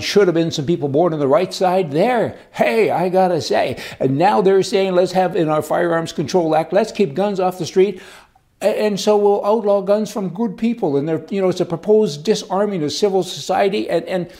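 Folksy older man, mellow tone. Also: high voice. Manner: folksy, rambling, chuckling asides. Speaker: commentary show host. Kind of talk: folksy political commentary.

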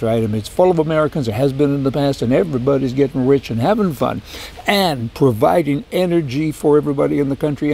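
A man's voice: fairly high pitch, creaky, mellow, breathy edge. A man hosting a political commentary monologue, ranting with sarcastic asides. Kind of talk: opinionated monologue.

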